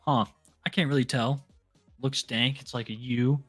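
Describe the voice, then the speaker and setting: A man's voice: medium pitch, fairly even intonation, moderate pace, no room sound, soft background music. A man co-hosting a livestream show, joking crudely and reading out thanks to members. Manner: crude, joking, reads out member shout-outs. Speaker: podcast co-host. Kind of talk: casual livestream banter.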